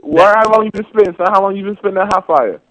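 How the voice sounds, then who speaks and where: A man's voice: high voice, very fast, a bit bright, no room sound, poor audio. A man hyping others up in heavy street slang, in a casual comedy chat.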